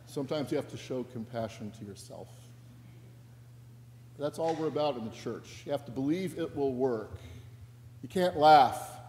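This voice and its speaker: A man preaching as a pastor, telling a story in a wry, conversational way, his voice softening at the ends of phrases. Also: medium pitch, animated, moderate pace, pauses often, slight background noise. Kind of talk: sermon storytelling. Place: church sanctuary. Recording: long church reverb.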